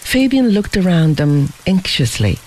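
Storybook narrator; slow, unhurried, expressive intonation. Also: mid-range voice. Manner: measured, unhurried reading. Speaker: audiobook narrator. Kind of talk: scripted narration.

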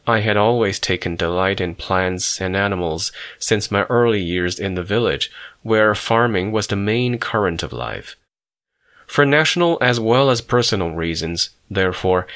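A man reading a memoir aloud in a measured, formal manner, his voice on the low side with a bright, forward tone. The sound is dry and close, with no room echo. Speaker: audiobook narrator. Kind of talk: scripted narration of a memoir.

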